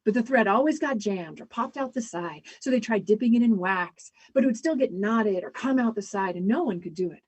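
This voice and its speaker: Husky-voiced woman telling a story. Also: medium pitch, expressive. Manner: measured, with dramatic pauses. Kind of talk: live storytelling performance.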